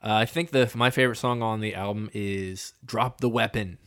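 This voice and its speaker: A man's voice: on the low side, fairly even intonation, moderate pace. A man co-hosting a casual music review podcast, talking loosely with lots of fillers and restarts. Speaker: podcast co-host.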